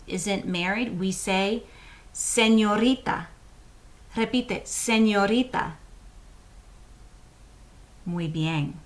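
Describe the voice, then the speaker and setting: A woman leads a children's Spanish lesson at a slow, deliberate pace. Her voice sits in a middle range for a woman. She models each word carefully and has the class repeat it back. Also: medium pitch. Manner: models words slowly and asks the class to repeat. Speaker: Spanish teacher.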